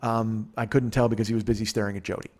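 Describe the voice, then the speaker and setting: A man's voice: lowish voice, fast talker. A man hosting a podcast, telling a long show-business story in a casual, profane, rambling way, often quoting people as he goes. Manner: profane, rambling, animated retelling with quoted voices. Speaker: podcast host.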